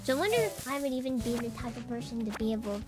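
A woman's voice: on the high side, animated, racing, over music. A woman chatting casually while streaming a game. She tells stories in a chatty way and giggles often. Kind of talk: casual chat while gaming.

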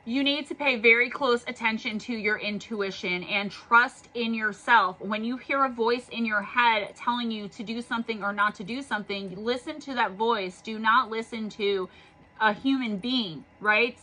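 A woman's voice: fairly high pitch, bright, forceful tone, slight background noise, low-quality recording. A woman giving an intuitive tarot reading in an earnest, urging way, her voice worn from reading all day. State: losing her voice. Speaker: tarot reader.

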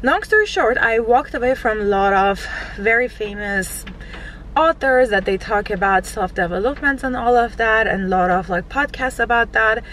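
A woman's voice: fairly high pitch, lively intonation, moderate pace, fairly bright tone, a little hiss or hum, rough recording. A woman in her thirties chatting casually to her viewers in a lifestyle vlog, gushing and full of fillers. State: out of breath. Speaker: lifestyle vlogger. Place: in a car.

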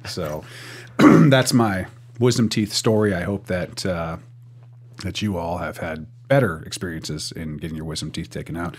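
A man's voice: low-pitched, measured pace, slightly rough. A young man hosting a church podcast in casual chat, rambling and repeating words as he thinks. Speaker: podcast host.

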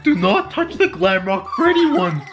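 A young man reacts out loud with wild, swooping excitement, his fairly high voice leaping between shouts and gasps. He throws in "yo" and "literally" constantly. Loud music plays underneath him. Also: moderate pace. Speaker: YouTuber reacting to a video. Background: music playing.

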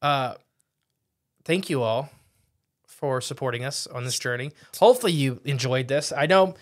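A man's voice: medium pitch, moderate pace. A man co-hosting a paranormal podcast, chatting casually in a loose, rambling way with restarts. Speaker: podcast co-host.

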